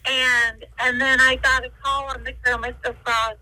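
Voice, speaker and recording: Sixtyish woman on the phone, high bright voice, lively storyteller doing voices. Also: moderate pace, dry recording, poor audio. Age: 60s. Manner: animated, slips into voices and quotes. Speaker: guest. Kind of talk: interview storytelling.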